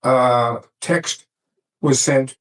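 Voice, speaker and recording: A man questioning his client in court as defense attorney, halting with frequent fillers. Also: medium pitch, distant mic, rough recording.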